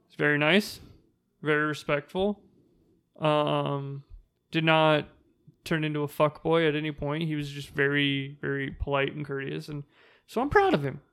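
Man, high bright voice, animated casual storyteller acting out quotes. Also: vocal fry, clean tone. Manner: animated, acts out quotes in raised voice.

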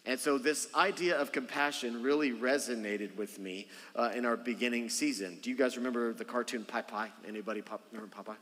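A man's voice: mid-range voice, fairly bright tone, long reverb tail. A man, a senior pastor preaching a conversational sermon and joking with the congregation. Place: church sanctuary.

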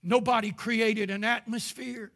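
A man, preaching a sermon as pastor with impassioned rises into shouting. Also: sits high, steady tone, measured pace.

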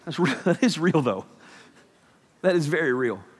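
A man preaching a sermon as a youth pastor, telling the story in an animated, joking way. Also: on the high side, normal speed, husky. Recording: echoey hall.

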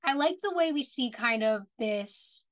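A woman co-hosting a podcast, chatting casually about a TV episode and quickly agreeing or adding points. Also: a little high, animated. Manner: quick agreeing remarks, lots of fillers. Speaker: podcast co-host. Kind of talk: casual recap chat.

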